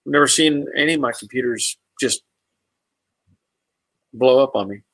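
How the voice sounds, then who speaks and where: A man's voice: medium pitch, normal speed, a bit bright, no room sound, poor audio. Easygoing man hosting a live stream. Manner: easygoing and rambling, with frequent fillers and restarts. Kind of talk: casual live-stream chat, answering viewers' comments.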